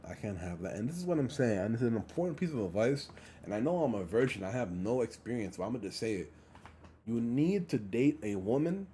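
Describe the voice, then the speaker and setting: Dark-voiced man ranting profanely. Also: mid-range voice, breathy edge. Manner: profane, repeats phrases for emphasis; heated and blunt. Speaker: livestreamer. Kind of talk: casual ranting monologue.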